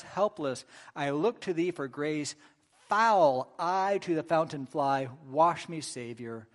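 A man preaching a sermon in a conversational way, often checking in with "right?" and acting out sample apologies. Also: on the high side. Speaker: pastor.

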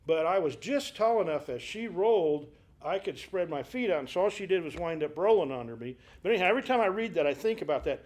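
A man with a notably high voice leads a Bible study group. He talks through scripture like a story, stops to ask the class rhetorical questions, and brightens his voice when quoting the characters. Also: expressive, fast talker.

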